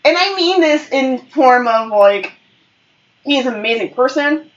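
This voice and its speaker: A woman co-hosting a casual chat podcast, retelling a show in an expressive, playful way and swearing freely. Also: sits high, measured pace, recorded from a distance, dull audio. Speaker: podcast co-host. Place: at home on a couch.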